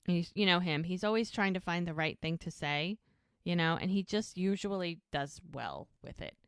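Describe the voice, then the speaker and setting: A woman with a fairly low, clear and resonant voice talks at a normal speed in a dry, studio-quality recording. She's a podcast co-host casually recapping scenes from a show, quoting the characters in animated voices.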